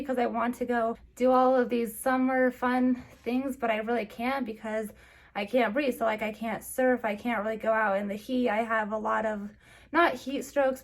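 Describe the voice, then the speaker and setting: Teary young woman telling her story. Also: fairly high pitch. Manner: teary, halting, with restarts. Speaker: vlogger. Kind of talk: personal story to camera.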